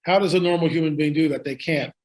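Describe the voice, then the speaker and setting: A man's voice: fairly high pitch, quick pace. A man telling a story in conversation, emphatic and dramatic, repeating lines for effect. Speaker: guest storyteller.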